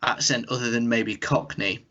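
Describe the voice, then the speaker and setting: A man's voice: medium pitch, steady tone, normal speed, bright, forceful tone. An English man co-hosting a cartoon podcast in casual chat, musing and hedging his opinions. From England. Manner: musing, self-doubting, hedges his opinions. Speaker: podcast co-host. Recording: dull lo-fi podcast audio.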